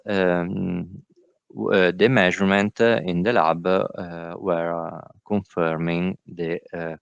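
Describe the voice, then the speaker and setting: Halting, low-voiced man presenting slides. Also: vocal fry, clean tone, no room sound. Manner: halting, many filler sounds. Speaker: workshop presenter. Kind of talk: technical presentation. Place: virtual workshop call.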